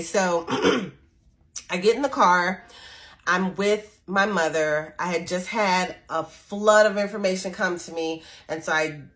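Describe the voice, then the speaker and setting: A middle-aged woman with a fairly low voice tells a personal story in a loose, chatty way. She doubles back often and restarts her sentences. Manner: chatty, repetitive restarts, acts out quoted voices softly. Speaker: spiritual storyteller and channel host. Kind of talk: casual storytelling to camera.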